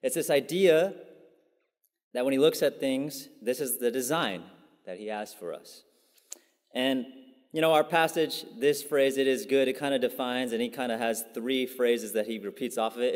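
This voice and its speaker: A pastor giving a casual, conversational sermon, full of fillers and asides. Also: male voice, mid-range voice, normal speed. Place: church sanctuary. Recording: long church hall reverb.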